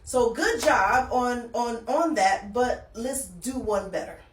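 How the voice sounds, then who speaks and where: A woman's voice: fairly high pitch, slow pace, distant mic. Woman, conversational explainer, echoey room, away from mic. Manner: conversational, checks in with "okay?" often. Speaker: financial educator. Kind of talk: casual explainer walkthrough.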